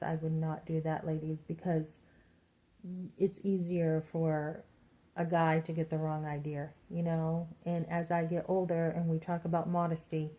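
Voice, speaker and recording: A middle-aged woman giving a chatty, encouraging talk to other women, retelling her conversations as she goes. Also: deep voice. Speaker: Christian women's vlogger. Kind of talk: casual motivational talk. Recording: muffled lo-fi sound.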